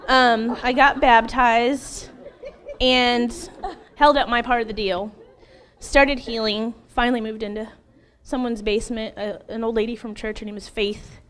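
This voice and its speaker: Somewhat slowly and in a voice on the high side, a woman in her thirties recounts her personal experience as an interview guest. She's earnest and animated, and she occasionally laughs between lines.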